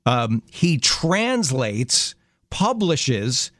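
A man's voice: mid-range voice, very animated, extremely slow, a bit bright, no echo, studio quality. A middle-aged man co-hosting a casual chat show, telling stories in a chatty way with light laughs. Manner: chatty storyteller, light laughs, frequent restarts. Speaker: co-host.

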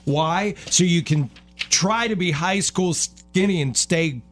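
Middle-aged male radio co-host, earnest and emphatic, slightly high voice, soft music under him. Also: slow. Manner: earnest, emphatic, restarts mid-phrase. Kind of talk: casual talk radio commentary.

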